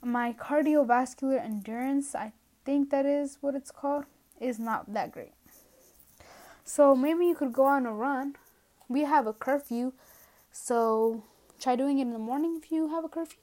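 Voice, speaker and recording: Slightly breathless, a young woman with a slightly high, somewhat mellow voice rambles solo on her podcast at a normal speed. Recording indoors at home, she keeps the rant casual and self-mocking, drifting into asides.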